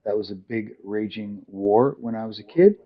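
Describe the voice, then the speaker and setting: A man's voice: fairly low pitch, normal speed. An older man from New York City with a New York accent, telling his story as a guest in a casual interview, rambling with lots of fillers and acting out quoted people. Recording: muffled lo-fi audio.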